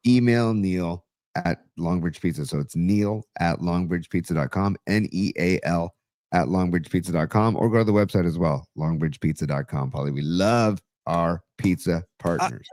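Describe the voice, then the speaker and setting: A man's voice: sits low, normal speed, a little mellow, no room sound, clean studio sound. A man co-hosting a podcast, talking casually and enthusiastically with rambling fillers. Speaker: podcast co-host. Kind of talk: casual chat.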